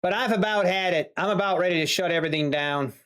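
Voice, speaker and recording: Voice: mid-range voice, fast talker, a bit bright, clean tone. A day trader talking to a live-stream chat, muttering exasperated complaints and playful teasing.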